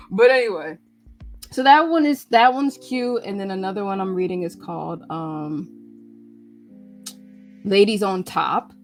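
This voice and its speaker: A woman hosting a live radio stream, chatting casually and animatedly, sometimes jumping into quick acted lines. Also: medium pitch, faint music behind. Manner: animated, acts out characters' lines in quick bursts. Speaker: radio show host. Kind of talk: casual chat recapping manga.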